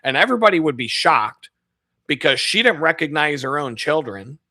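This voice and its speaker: A man's voice: on the high side, sing-song, normal speed, sharp tone, no echo, studio quality. A man on a live stream, ranting casually in a profane, rambling, mocking way. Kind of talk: casual rant.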